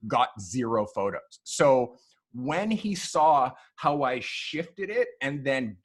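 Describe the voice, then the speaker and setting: This photographer, a podcast guest, takes it slowly at a medium pitch as he tells long stories in a relaxed interview. Loose and animated, he acts out the people he quotes and leans heavily on fillers like "um" and "like".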